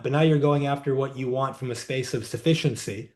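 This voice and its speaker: Man, warm low-key voice, measured, reflective, podcast guest telling stories. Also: fairly even intonation. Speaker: guest, energy healer and coach. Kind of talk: podcast interview storytelling.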